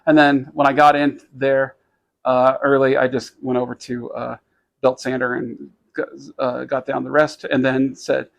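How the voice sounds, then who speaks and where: Man podcast co-host, gravelly mid voice, rambling casual storyteller. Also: medium pitch, level tone, a little slow. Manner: rambling, many restarts and fillers, laughs while telling stories.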